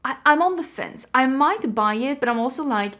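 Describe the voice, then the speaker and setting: A woman's voice: high-pitched, lively intonation, moderate pace, fairly bright tone. A woman vlogger chatting casually about products, rambling with frank opinions, her voice a little stuffy from allergies. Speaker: beauty vlogger. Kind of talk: casual product review chat. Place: indoors at home.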